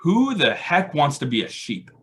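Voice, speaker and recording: Man, husky voice, casual faith talk, conversational, self-deprecating, rhetorical questions. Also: a little high, wildly swooping pitch, moderate pace, sharp tone. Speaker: recovery meeting speaker. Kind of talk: casual spoken reflection on faith. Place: online recovery meeting.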